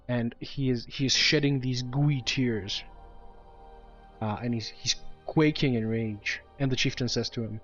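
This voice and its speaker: Halting male game master, lo-fi. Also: mid-range voice, faint music behind. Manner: halting, with many fillers and restarts. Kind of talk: narrating a tabletop game.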